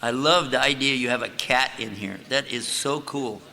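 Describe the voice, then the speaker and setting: A man's voice: mid-range voice, moderate pace, vocal fry, pushed and bright. Folksy older man lecturing in echoey hall. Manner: folksy, joking storyteller. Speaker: Islamic lecturer. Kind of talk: lecture with joking asides. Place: mosque hall.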